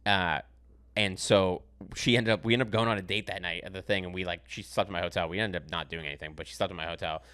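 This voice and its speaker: Young male podcast host, low voice, fast talker, animated and profane storyteller. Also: smooth. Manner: animated, profane, laughs through his stories.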